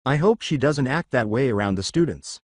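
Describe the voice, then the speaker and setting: A man's voice: mid-range voice, expressive, normal speed, dry recording, close to an everyday voice. Blunt soldier-teacher man, read by a narrator. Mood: curt. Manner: curt, dry, matter-of-fact.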